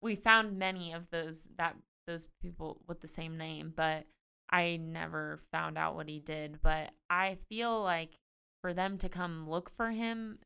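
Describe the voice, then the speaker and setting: Smooth-voiced young woman telling a story. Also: on the low side, measured pace. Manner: chatty, animated retelling with frequent "like". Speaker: guest, professional tennis player. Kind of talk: casual interview storytelling.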